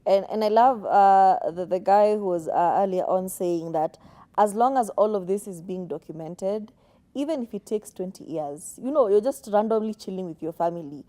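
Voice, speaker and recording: A woman on a talk show panel speaks in a warm, mellow voice at a middle pitch. She gives her view in a measured, thoughtful way, with a few small restarts. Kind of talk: studio talk show discussion.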